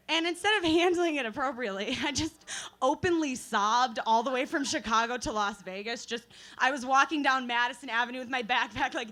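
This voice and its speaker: A woman's voice: high voice, moderate pace, bright, forceful tone. A young woman doing a self-deprecating stand-up comedy set at an open mic, telling stories full of fillers and laughs. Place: open mic night at a bar.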